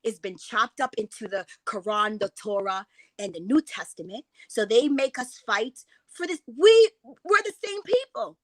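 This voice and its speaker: A woman's voice: medium pitch, moderate pace, fairly bright tone, no echo. A woman giving an impassioned, emotional talk as a guest speaker, rambling and restarting her sentences as she goes.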